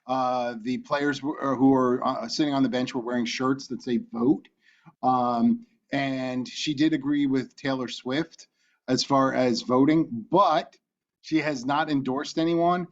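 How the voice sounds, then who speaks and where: A man's voice: medium pitch, fairly even intonation, a little slow. A man from Virginia co-hosting a podcast in casual chat, laughing often and talking with many fillers. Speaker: podcast co-host. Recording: dull lo-fi podcast audio.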